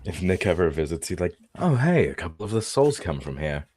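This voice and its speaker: A man's voice: deep voice, sing-song, fairly quick, darkish tone. A man chatting casually as a player, rambling and stammering with frequent swearing. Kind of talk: casual chat.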